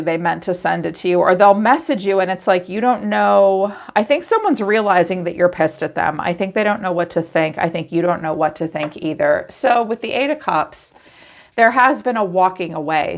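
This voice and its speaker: Woman tarot reader, chatty and expressive, slightly low voice for her sex. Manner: chatty, acts out quoted messages in a lively voice. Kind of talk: casual tarot reading.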